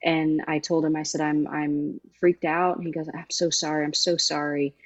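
A woman's voice: low-pitched, flat delivery, moderate pace, lo-fi sound. A woman guest in an interview, telling an emotional story with emphatic, heartfelt delivery. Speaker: guest, former sideline reporter. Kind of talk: conversational interview.

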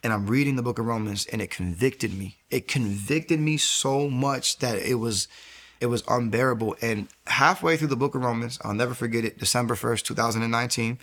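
A man telling his faith testimony in an animated way, acting out the dialogue he quotes and often saying "like" as he restarts his sentences. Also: medium pitch. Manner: frequent filler "like" and quick restarts. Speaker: guest giving a faith testimony. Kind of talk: personal testimony storytelling.

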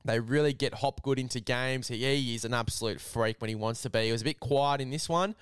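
Aussie guy podcast host, smooth clear voice, dry close mic, matey and loose. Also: medium pitch, a little fast, no room sound. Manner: matey, swears casually, hypes sponsor read. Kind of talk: casual rugby league podcast chat.

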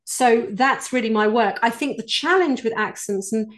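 British woman, voice coach guest, earnest explainer, a touch high-pitched. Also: moderate pace, fairly bright tone. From United Kingdom. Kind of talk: interview answers.

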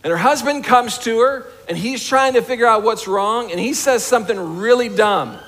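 A man preaching a sermon to a congregation, conversational and humorous, slowing down and dropping soft for emphasis. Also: very high-pitched. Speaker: pastor.

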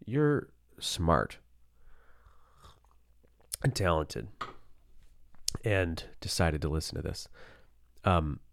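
A man's voice: low-pitched, very animated, very slow, vocal fry, long pauses, slight background noise. A man hosting a casual solo podcast, rambling and self-deprecating, with a groggy morning voice and a cold. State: low morning voice; has a cold. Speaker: podcast host.

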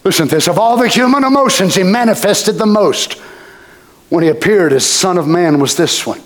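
A male preacher delivering an impassioned sermon, swinging between shouts and hushed whispers. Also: high-pitched, lively intonation, fairly quick.

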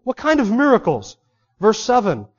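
High-voiced preacher asking rhetorical questions. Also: male voice, wildly swooping pitch, normal speed. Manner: emphatic, asks the audience many rhetorical questions. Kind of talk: expository sermon. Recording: dull lo-fi sermon recording.

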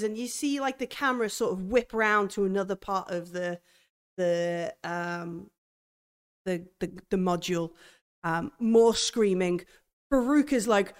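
A young woman narrating a tabletop horror game as game master, hesitant with many pauses and restarts. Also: medium pitch.

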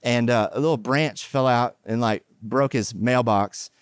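A middle-aged man preaching a conversational sermon, mixing jokes and animated asides with scripture. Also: mid-range voice, a little slow, clear, resonant tone, no room sound, clean studio sound. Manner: joking, animated asides, chatty fillers. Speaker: pastor.

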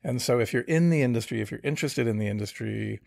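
A man's voice: mid-range voice, fast, gravelly, a little mellow, dry recording, studio quality. A middle-aged man, a startup founder, answering interview questions in a reflective way with many fillers and restarts.

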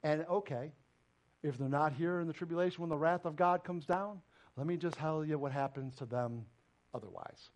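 A man's voice: fairly high pitch, moderate pace, darkish tone. A man preaching a sermon as pastor, emphatic and full of direct questions to the congregation. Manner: emphatic, preaching with rising and falling intensity.

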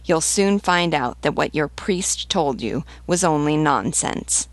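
A swaggering, scornful soldier, read by a woman narrator taunts in a creaky, gravelly voice. His tone mocks and sneers. The recording is dry and close, like a storybook read aloud. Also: low voice, animated, unhurried, no room sound. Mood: taunting. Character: brash mocking wounded male soldier.

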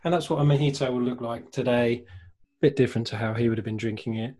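A man's voice: medium pitch, steady tone, mellow. A man, co-hosting a casual chat, often stumbling and restarting his words. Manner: halting, stumbles over words. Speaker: co-host.

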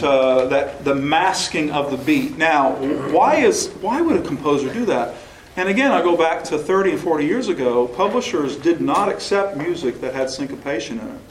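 A man's voice: mid-range voice, slight background noise. A man leading a choral workshop session, explaining and asking questions, now and then singing a short phrase to demonstrate. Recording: echoey room recording.

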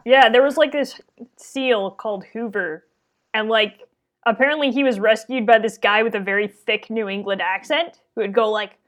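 A woman's voice: a little high, moderate pace. A woman co-hosting a podcast, telling an anecdote in a chatty way full of "like". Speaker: podcast co-host. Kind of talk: casual chat.

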